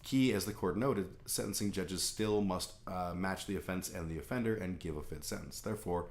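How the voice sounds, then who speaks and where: A man's voice: low-pitched, echoey room. A man from Canada talking candidly in a rambling, casual monologue, swearing freely. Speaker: vlog host.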